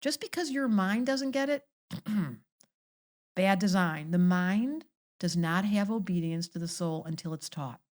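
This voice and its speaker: An older woman astrologer, a podcast guest telling animated, theatrical stories in casual conversation. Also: medium pitch, normal speed. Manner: theatrical storytelling, acting out quoted voices.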